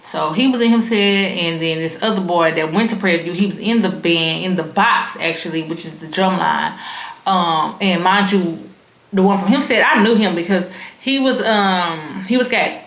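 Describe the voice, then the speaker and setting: A woman's voice: lowish voice, normal speed, fairly bright tone. A young woman, telling a story to her vlog audience in a frank, slangy, casually profane way. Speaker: vlogger. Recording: roomy echo.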